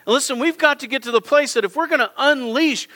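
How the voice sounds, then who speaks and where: Impassioned and repetitive, a middle-aged pastor appeals directly to his congregation in a church auditorium sermon. His voice is very high-pitched and sharp, and his pace is quick.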